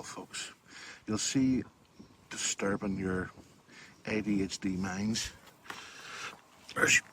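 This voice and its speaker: A man's voice: lowish voice, background noise. A man with a Northern Irish accent, chatting casually to viewers as he walks through his garden filming on his phone. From Northern Ireland. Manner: chatty, keeps addressing viewers as folks. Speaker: garden vlogger. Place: outdoors in a garden. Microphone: phone camera held while walking.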